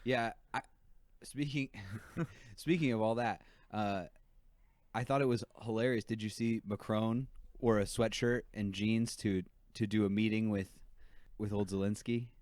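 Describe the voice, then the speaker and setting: Low-voiced joking man on a podcast. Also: fairly even intonation, a little slow, a little mellow, dry recording. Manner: joking, sarcastic, laughs often. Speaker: podcast co-host. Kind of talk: casual podcast chat. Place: room at home.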